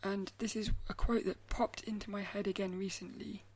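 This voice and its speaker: A woman hosting a solo podcast, talking in a thoughtful, musing way and often trailing off into soft, near-whispered asides. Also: medium pitch, fairly even intonation, normal speed, slightly rough. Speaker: podcast host. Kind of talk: reflective solo podcast talk.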